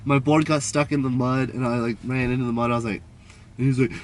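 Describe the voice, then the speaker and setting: A man's voice: medium pitch, steady tone, quick pace, slight background noise. A young man co-hosting a podcast, laid back and full of surfer slang, retelling a run-in in casual chat. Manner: laid-back surfer slang, quotes people in raised voices. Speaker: podcast co-host.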